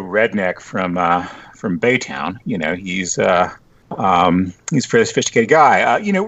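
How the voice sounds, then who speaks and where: A middle-aged man from the Texas Panhandle, a journalist guest chatting casually on a podcast, wry and lively, full of "you know" fillers. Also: lowish voice, highs cut off.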